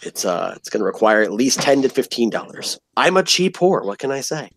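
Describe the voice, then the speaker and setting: A man's voice: mid-range voice, big pitch swings, fairly quick, fairly bright tone, a little hiss or hum. A man hosting a casual streamed podcast, teasing his co-hosts with crude jokes in a playful manner.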